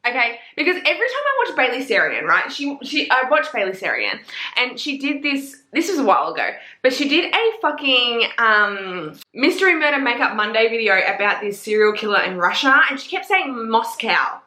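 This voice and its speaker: A young Australian woman with a fairly high voice gushes excitedly and swears in a casual book review vlog. She talks at a moderate pace, and the sound is roomy.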